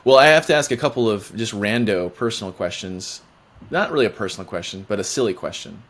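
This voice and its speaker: A man's voice: fairly low pitch, lively intonation, brisk, fairly bright tone. A man hosting a casual podcast interview, asking lighthearted questions in a playful way. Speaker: podcast host.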